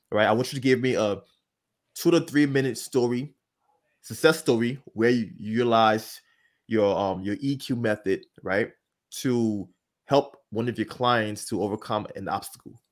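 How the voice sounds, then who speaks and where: A man's voice: lowish voice, moderate pace. A man hosting a podcast interview, easygoing and affirming as he leads the conversation. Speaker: podcast host.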